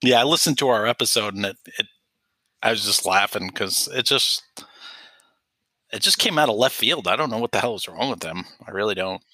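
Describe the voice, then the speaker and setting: A man chatting casually as a podcast co-host. His voice sits a bit low but rings bright and forceful, and it is recorded close and dry, with no room sound. He jokes and teases in a playful way. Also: lively intonation, brisk, no echo. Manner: playful, teasing, tells jokes with put-on voices. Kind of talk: casual chat.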